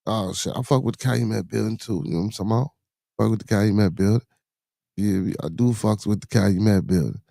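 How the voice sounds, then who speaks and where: Laid-back Chicago man, deep mellow voice. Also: quick pace, gravelly, no echo, clean studio sound. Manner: laid-back street slang, repeats phrases, constant "you know what I'm saying"; greets live chat viewers by name. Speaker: podcast host. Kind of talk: solo live-stream chat.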